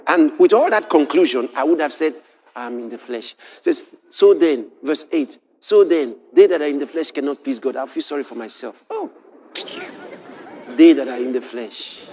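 A man preaching a sermon, moving from quiet storytelling to shouted exhortation. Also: on the high side, moderate pace, some chatter behind, a little hiss or hum. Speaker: pastor.

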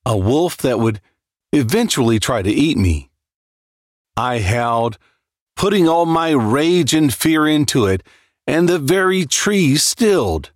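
A man giving a dramatic reading of a horror tale. His delivery is slow and brooding, and his pitch swings widely from low murmurs to sharp rises. The sound is close and dry, with no room echo. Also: animated. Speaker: horror story narrator.

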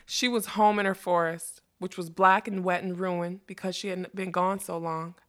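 A woman narrating a fantasy novel as an audiobook, measured and expressive. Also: lowish voice.

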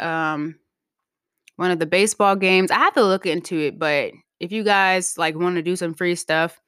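Casting note: woman podcast host, somewhat low voice, loose, chatty delivery, dry close-mic sound. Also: no room sound. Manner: chatty, laughs easily, lots of "like" and "um". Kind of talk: casual solo podcast chat.

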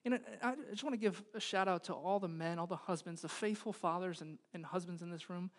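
Pastor guy in his 30s preaching, emotional, goes from loud and pleading to quiet and intense. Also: high-pitched, fast. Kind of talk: sermon. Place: church hall.

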